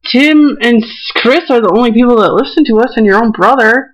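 A woman's voice: fairly high pitch, poor audio. A woman co-hosting a podcast, talking casually with blunt, teasing jokes. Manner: blunt, teasing, quick to joke. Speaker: podcast co-host. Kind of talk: casual chat.

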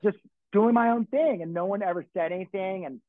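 A man's voice: high-pitched, a little fast, no echo. A middle-aged man from California telling stories in casual chat, rambling and swearing with many restarts. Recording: tinny phone-like dry sound.

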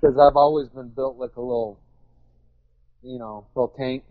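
A man's voice: medium pitch, fairly even intonation, normal speed, narrow, tinny audio. A man chatting casually as an interview guest, rambling and joking at his own expense. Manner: rambling, self-deprecating, joking.

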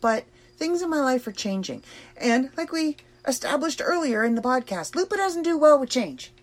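A woman hosting a podcast, talking slowly and thoughtfully about personal struggles with pauses and fillers. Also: sits high, very animated. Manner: slow, reflective and emotional, with pauses and fillers. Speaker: podcast host. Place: trailer in a backyard.

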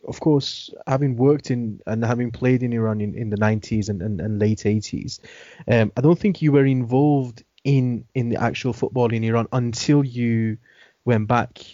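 A man's voice: mid-range voice, moderate pace, warm tone, no echo. A man interviewing a former footballer, asking long, rambling questions with fillers. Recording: dull lo-fi sound.

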